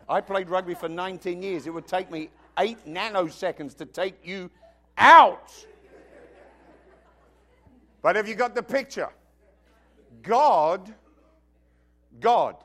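A man from Britain with a British accent preaching a sermon, emphatic and joking, often asking the congregation whether they follow. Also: high-pitched. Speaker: pastor.

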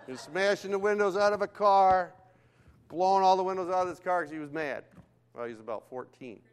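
An older man preaching a sermon, telling stories in a lively way that swings from hushed to loud. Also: sits high, brisk, clean tone. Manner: animated storytelling, swings between hushed and loud.

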